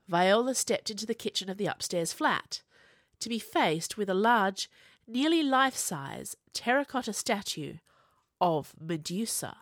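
A woman reads a fantasy novel aloud with a wry, expressive delivery. Her voice sits a little low but moves widely in pitch, recorded close and dry. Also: dry recording. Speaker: audiobook narrator. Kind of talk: audiobook narration.

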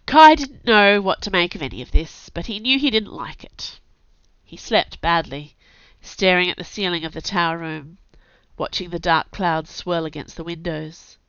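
A woman's voice: lowish voice, lively intonation, moderate pace, a bit bright, smooth, no room sound. Woman narrating a story, dry sound. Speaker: audiobook narrator. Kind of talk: scripted narration. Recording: dull dry recording.

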